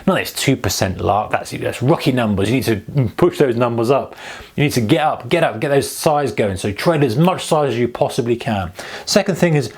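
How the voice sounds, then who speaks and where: A man teaching trading in a tongue-in-cheek way, urging viewers with ironic, mock-enthusiastic repetition. His voice sits at an ordinary middle pitch for a man. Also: expressive, normal speed, a little mellow, slightly rough. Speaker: trading educator. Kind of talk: tongue-in-cheek advice to camera.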